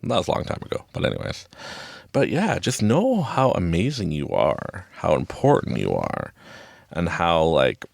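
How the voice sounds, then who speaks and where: A man with a very low, gravelly voice rambles through a casual motivational talk, his pitch swinging up and down a lot as he goes. He hosts a podcast from a small closet and laughs often, and the sound is close and dry with no room echo. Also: very animated, moderate pace. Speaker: podcast host.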